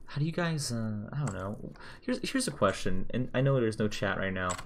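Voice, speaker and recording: A man's voice: on the low side, animated, moderate pace, a little hiss or hum. A young man streaming a video game, rambling and joking casually, swearing freely, with keyboard typing nearby. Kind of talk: casual gameplay commentary.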